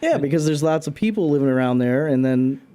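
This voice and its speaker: A man's voice: a little high, animated, fairly quick, dark tone. A man co-hosting a community radio talk show, telling stories in a casual, rambling way with many restarts and fillers. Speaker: radio co-host. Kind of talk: casual chat.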